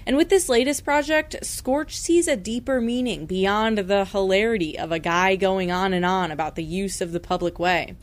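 A woman's voice: mid-range voice, normal speed, few pauses. Woman reporter narrating a radio feature. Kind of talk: scripted news narration.

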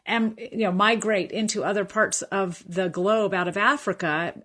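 In a radio interview, a woman who teaches linguistics explains how speech differs, speaking in a measured, thoughtful way with many fillers and restarts. Her voice is medium in pitch, steady, and fairly bright.

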